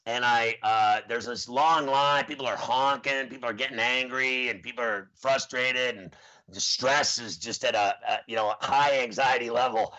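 A podcast host in his forties chats casually, telling rambling stories and animatedly acting out what people said. His voice is mid-range at a moderate pace, captured in dull lo-fi audio.

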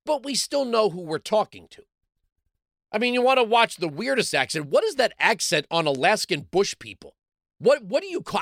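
A man's voice: high-pitched, fairly bright tone, dry recording, clean studio sound. A middle-aged man, hosting a talk show and delivering an opinionated monologue full of rhetorical questions. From New York City. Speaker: radio talk show host.

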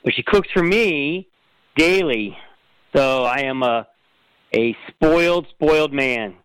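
An easygoing man as a guest in a casual chat, self-deprecating and quick to laugh. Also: medium pitch, a bit bright, smooth, no room sound, rough recording.

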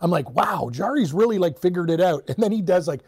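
A man's voice: high voice, expressive, a little fast, a little mellow, breathy edge. A man co-hosting a sports radio show, chatting casually about hockey and laughing often. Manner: chatty, laughs often, does voices of his mom.

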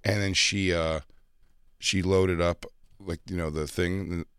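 A man's voice: sits low, measured pace, clear, resonant tone, no room sound, studio quality. A male comedian hosting a casual talk show, telling stories animatedly and acting out the people in them. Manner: animated, acts out voices in his stories. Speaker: comedian podcast host. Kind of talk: casual storytelling chat.

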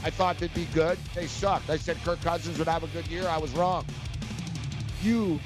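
A man's voice: fairly high pitch, fairly even intonation, moderate pace, over music. A man hosting a sports talk show, ranting in a heated, mocking way and often repeating himself.

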